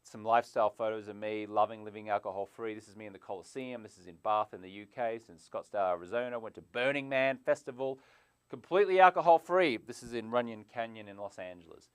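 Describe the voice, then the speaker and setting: A man hosting a live stream as a sobriety coach, animated, jumping from loud bursts to quiet asides, on a clip-on mic indoors. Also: fairly low pitch, fast talker, smooth, no echo. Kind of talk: energetic live stream pitch. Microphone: clip-on lapel mic.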